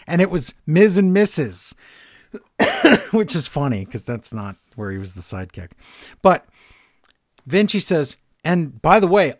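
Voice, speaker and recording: A man's voice: on the high side, huge pitch swings, no room sound, studio quality. A man co-hosting a wrestling podcast, recapping the show casually and briefly mimicking what people said. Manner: quick recapping, acting out quotes in passing. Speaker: podcast co-host.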